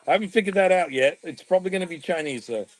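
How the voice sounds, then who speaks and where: An easygoing man from Canada chatting on a live stream panel, often letting his sentences trail off quietly. His voice sits somewhat high. The sound is dry and close. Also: lively intonation, rapid-fire, no echo, low-quality recording. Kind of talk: casual live-stream chat.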